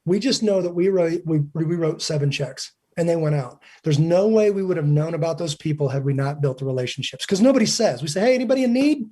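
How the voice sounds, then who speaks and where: Fast-talking husky man in his forties. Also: a little high, warm tone. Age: 40s. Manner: earnest storyteller who acts out quoted dialogue. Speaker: podcast guest. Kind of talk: casual podcast conversation.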